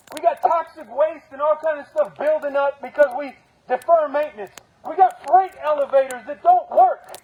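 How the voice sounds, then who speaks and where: Speaking as a union steward at an outdoor protest, a man angrily rattles off rhetorical questions and curses in rapid succession. His voice is very high-pitched with a darkish tone, and the recording is rough.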